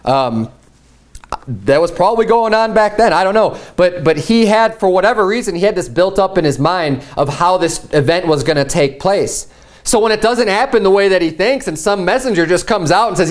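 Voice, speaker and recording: A man preaching a sermon, reading scripture aloud and acting out the people in the story with lively, animated delivery. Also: high voice, moderate pace. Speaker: pastor.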